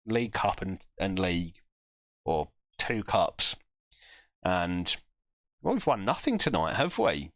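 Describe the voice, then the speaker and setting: A man with a low-set but bright, forceful voice talks through his football management game live on stream. His pitch jumps around a lot as he groans and mocks himself over each result. The sound is close and dry, with no room in it. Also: sing-song, slow, pauses often, dry recording. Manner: self-mocking, groaning reactions to match events.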